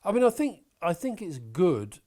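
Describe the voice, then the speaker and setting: A man talking as an interview guest, opinionated and animated, swearing now and then. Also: sits high, normal speed. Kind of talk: conversational interview.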